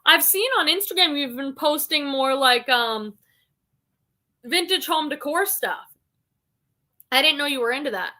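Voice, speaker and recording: On a casual live stream, a woman reads viewer comments aloud and then chats about them. Her voice sits high and sounds animated and sharp, yet she's unhurried, leaving long pauses.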